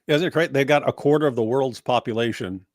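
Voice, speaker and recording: Man, joking co-host, animated storytelling, mid pitch, dry close mic. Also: fast talker, no room sound. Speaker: co-host of a live talk stream. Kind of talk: casual live-stream chat.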